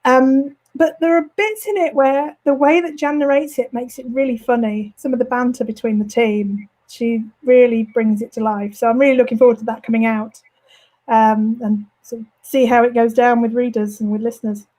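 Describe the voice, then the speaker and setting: A woman author with a mild Birmingham accent and flat vowels, going a bit hoarse, chatting in an interview with lots of ums and self-corrections. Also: a little high, normal speed, poor audio. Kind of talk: casual interview chat. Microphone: home studio setup.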